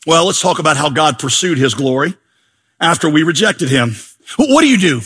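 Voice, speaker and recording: A man preaching a lively, joking sermon as a pastor and acting out people's voices. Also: a little high. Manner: animated, joking, acts out voices.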